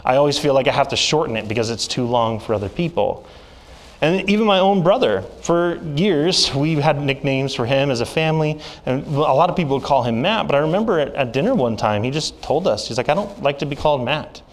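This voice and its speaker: A young man gives a sermon in a church, telling personal stories in a relaxed, conversational way. His voice sits at an ordinary middle pitch, and he slips into animated voices when he quotes people. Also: brisk. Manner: storytelling with lively acted quotes. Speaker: preacher.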